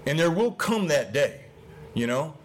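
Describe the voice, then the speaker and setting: Animated man preaching a casual sermon. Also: fairly high pitch, unhurried, slight background noise. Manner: casual, conversational, acts out voices of biblical figures. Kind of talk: informal sermon.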